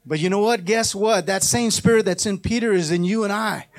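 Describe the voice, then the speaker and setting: A man preaching a sermon as pastor, with call-and-response and passages that climb into shouted, half-sung pleas. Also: sits high, fairly quick.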